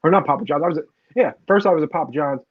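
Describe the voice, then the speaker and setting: A man with a high, slightly husky voice co-hosts a casual chat. He tells stories in an animated way and laughs often. The recording sounds dull and lo-fi. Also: racing. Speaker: podcast co-host.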